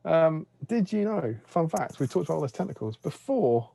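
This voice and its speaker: A man's voice: on the high side, very animated, normal speed, creaky, mellow, slightly rough. A man co-hosting a tabletop wargame stream over a video call, chatting casually and rambling with fillers. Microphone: remote video call.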